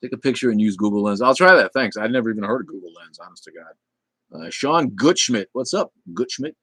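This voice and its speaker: A middle-aged man with a lowish voice chats through a livestream, drifting from one thing to the next with plenty of ums and false starts. His tone is blunt and irreverent, and the sound is dry, close, with almost no room. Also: animated, a little fast, a bit bright, husky, no echo. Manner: rambling, chatty, with many fillers and restarts. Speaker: livestream host. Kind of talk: casual livestream chat reading viewer comments.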